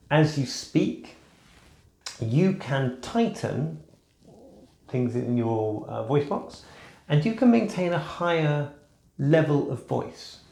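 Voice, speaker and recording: A man in a casual vlog, talking in a measured, explanatory way while keeping to the upper part of his range. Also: on the high side, vocal fry. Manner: measured, explanatory, softly raised register. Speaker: vlogger. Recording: echoey room.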